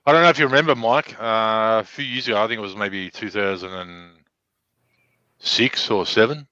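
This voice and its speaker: A man's voice: lowish voice, moderate pace, pushed and bright, no room sound. A man with an Australian accent telling a casual, heavily sworn story on a podcast, acting out the back-and-forth of the people in it. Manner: profane, acts out quoted exchanges. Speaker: podcast guest. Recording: dull lo-fi dry sound.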